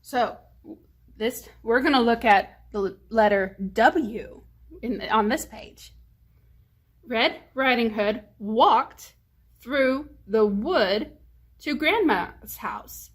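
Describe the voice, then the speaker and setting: A woman's voice: fairly high pitch, very slow, slightly rough. A woman leading a children's storytime, reading aloud and stressing letter sounds to teach phonics. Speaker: children's librarian.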